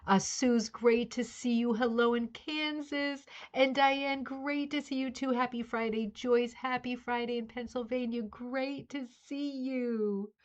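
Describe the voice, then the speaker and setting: A woman's voice: fairly high pitch, steady tone, measured pace, few pauses. A middle-aged woman hosting a casual craft club livestream, greeting viewers by name and chatting in a friendly, rambling way. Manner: chatty, greets viewers by name, coos baby talk to her dog. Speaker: livestream host of a rug hooking club. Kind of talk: casual chat. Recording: slightly dull lo-fi livestream audio.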